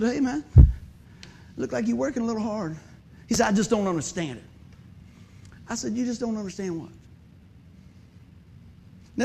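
A man's voice: high voice, vocal fry, slight background noise. A man preaching a sermon, telling a folksy story and joking with the congregation. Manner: folksy, conversational, joking with the audience.

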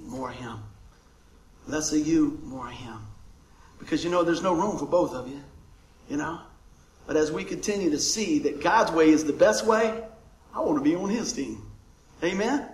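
An older man preaching a sermon as pastor, jokey and animated, laughing often between points. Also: fairly high pitch. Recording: echoey room with faint noise.

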